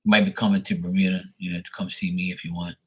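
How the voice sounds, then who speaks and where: Low-voiced man reading tarot live. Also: level tone, rapid-fire, noisy background. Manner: teasing, talks back to chat. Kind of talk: casual livestream chat.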